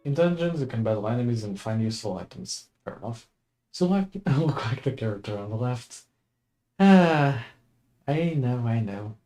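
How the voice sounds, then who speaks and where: A man's voice: mid-range voice, animated, a little fast, warm tone, faint music behind. A young man chatting casually as he streams a game for the first time, laid-back and chuckling often. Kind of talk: casual let's-play commentary.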